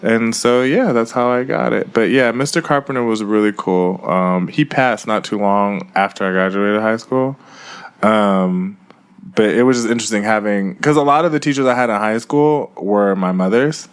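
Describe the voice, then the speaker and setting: A man in his late thirties, co-hosting a podcast and chatting in a relaxed, rambling way. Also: on the low side, moderate pace, clean tone. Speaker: podcast co-host. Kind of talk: casual chat.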